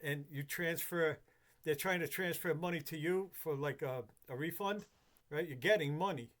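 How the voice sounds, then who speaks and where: A man with a notably high voice talks in loose, rambling chat. He swears freely and often restarts his sentences as he goes. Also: normal speed, fairly bright tone. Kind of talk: casual chat.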